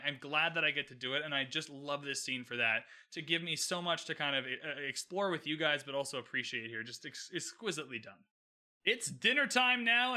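A man in his twenties hosting a solo podcast recap, talking animatedly with many restarts and "like" fillers and acting out characters' lines. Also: a little high. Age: 20s. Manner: animated, acts out characters' lines in quick bits. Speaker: podcast host.

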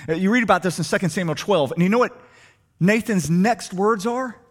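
A man preaching a sermon, asking the congregation rhetorical questions and swinging between soft and emphatic delivery. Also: high voice, a little fast. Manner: animated, rhetorical questions, shifting loud and soft. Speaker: pastor.

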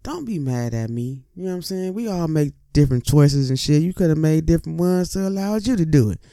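Gravelly, profane man ranting casually. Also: fairly high pitch, brisk, dry recording, clean studio sound. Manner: profane, rambling, animated asides. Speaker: cannabis vlogger. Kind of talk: casual rant to camera.

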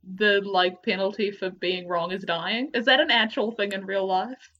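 A woman co-hosting a comedy podcast, giggly and quick to laugh as she chats and improvises. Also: mid-range voice, steady tone, a bit bright. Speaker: podcast co-host. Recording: dull lo-fi recording.

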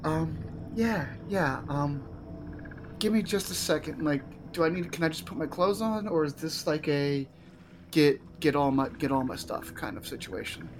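A man's voice: on the high side, moderate pace, noisy background, close to an everyday voice. A man voicing a grumpy, sleepy male adventurer who has just woken up. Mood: groggy. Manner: sleepy, grumbling.

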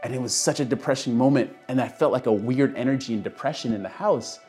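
A man's voice: mid-range voice, fast talker, a little mellow, soft background music. A young man casually telling a personal story, acting out the voices of the people he quotes. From Canada. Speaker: guest telling his story.

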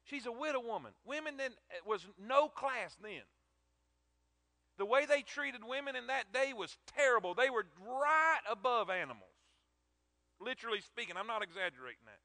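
A man's voice: very high-pitched, expressive, moderate pace, sharp tone, dry recording. A man preaching a sermon in an emphatic, emotional way, often repeating his words.

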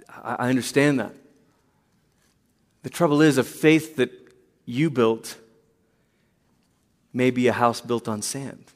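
A male pastor preaching a sermon in a church, telling stories in an animated way and acting out quotes. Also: medium pitch, takes it slowly, long pauses, big-room sound.

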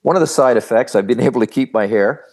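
An older man, a former hockey referee, telling personal stories as an interview guest in an animated, folksy way. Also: mid-range voice, quick pace. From Canada. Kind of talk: storytelling in an interview.

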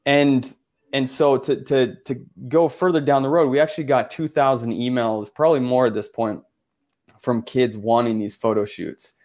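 A man's voice: medium pitch, steady tone, normal speed, darkish tone. A man from Utah, a photographer guest in an interview, telling his story earnestly with many restarts and filler words.

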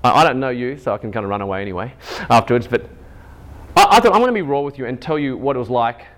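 A man in his thirties giving a chapel sermon, telling a family story and acting out the voices in it. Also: fast. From Asian heritage. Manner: animated, acts out quotes in higher pitch. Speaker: chapel speaker.

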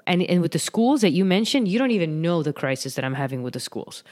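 Earnest woman with a very low voice. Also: sing-song, a little mellow. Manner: reflective, earnest, measured. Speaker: podcast host and mother. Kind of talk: casual podcast conversation.

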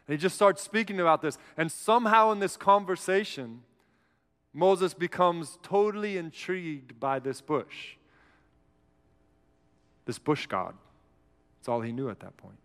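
Earnest preacher in a reverberant hall. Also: male voice, sits high, unhurried, pauses often, clean tone. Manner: earnest, animated storytelling, acts out a whiny Moses. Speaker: pastor. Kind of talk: sermon.

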